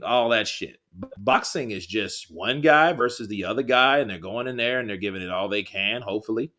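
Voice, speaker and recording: Casting note: a male livestream host, slightly low voice, casual and rambling, swears freely while reading chat. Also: a bit bright. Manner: laid-back, rambling, swears a lot. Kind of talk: casual live boxing chat, reading viewer comments.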